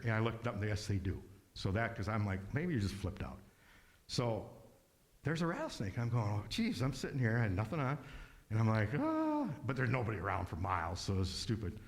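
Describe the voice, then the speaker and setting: A man giving a casual, rambling talk as a guest speaker, telling animated anecdotes and acting out voices along the way. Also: medium pitch, in a large hall. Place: spiritual community hall.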